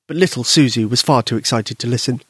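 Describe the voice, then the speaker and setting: A man gently and expressively reading a children's bedtime story aloud. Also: mid-range voice, fast, husky, no echo, studio quality. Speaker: narrator.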